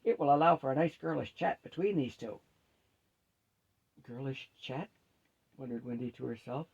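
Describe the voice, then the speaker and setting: A man reading a fantasy novel aloud at a steady, unhurried pace, lightly shifting his pitch for each character. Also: vocal fry, husky, dull audio. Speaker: storyteller.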